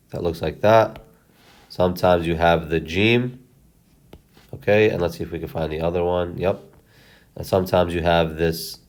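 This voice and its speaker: A lower-voiced man teaching Quran recitation. He walks his viewers through each step patiently, pausing to ask "okay?" before moving on. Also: a little mellow. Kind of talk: instructional explanation with recitation. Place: recorded lesson video.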